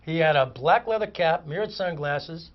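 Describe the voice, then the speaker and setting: A fairly high-voiced man, a comic actor, spins vivid, detailed stories as a chat-show guest. The audio is a little muffled and lo-fi. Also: normal speed. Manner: animated raconteur, vivid descriptive detail. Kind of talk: anecdotal storytelling in a chat-show interview.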